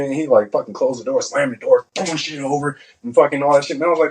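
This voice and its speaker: A man's voice: mid-range voice, quick pace, hardly any pauses, rough recording. A man, a Navy veteran guest, telling stories in a casual, profane way and acting out the people he quotes. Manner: profane, animated, acts out quotes. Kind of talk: casual storytelling.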